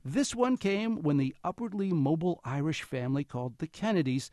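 A man's voice: fairly high pitch, a little fast. A man hosting a radio talk show, narrating a feature and then introducing guests in the studio. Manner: lively, animated delivery.

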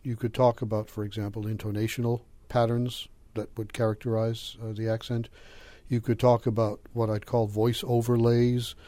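A middle-aged man from the Boston area, a linguistics professor with a light Boston accent, explaining things in a measured, lecturing way during an interview. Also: fairly low pitch, dark tone, no echo. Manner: measured, lecturing, with fillers and chuckles.

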